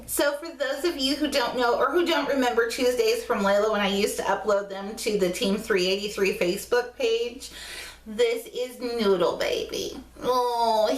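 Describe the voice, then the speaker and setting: Chatty woman vlogger in an echoey room. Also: on the high side. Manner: chatty and affectionate, coos at her dog in baby talk. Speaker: vlog host. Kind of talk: casual motivational vlog.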